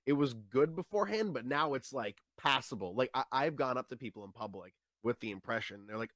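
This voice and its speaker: A man's voice: medium pitch, animated, brisk, few pauses, fairly bright tone, dry recording, studio quality. Chatty young man, stammering restarts. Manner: chatty, repeats words when starting sentences, acts out quoted voices. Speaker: stand-up comedian guest. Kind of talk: casual interview chat.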